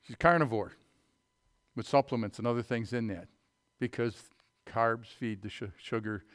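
A middle-aged man preaching a sermon, telling folksy stories before reading scripture in a loud, emphatic voice. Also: mid-range voice, normal speed. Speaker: pastor.

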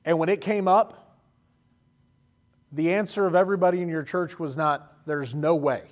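Man, preaching a sermon, folksy and joking, somewhat high pitch. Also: steady tone, normal speed. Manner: folksy, joking asides with quoted voices. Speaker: pastor.

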